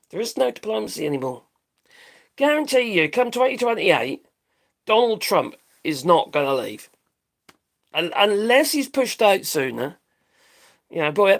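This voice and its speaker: A man's voice: high-pitched, vocal fry. A middle-aged British man hosting a live stream, ranting in a blunt, rambling, sweary way and laughing at his own jokes. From Britain. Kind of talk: casual live-stream commentary.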